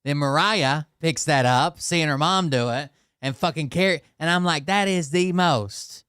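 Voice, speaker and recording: A man's voice: a little high, unhurried, hardly any pauses, a bit bright, smooth, dry recording, studio quality. A man with an Appalachian accent, hosting a profane, exasperated reaction commentary. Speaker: commentary host.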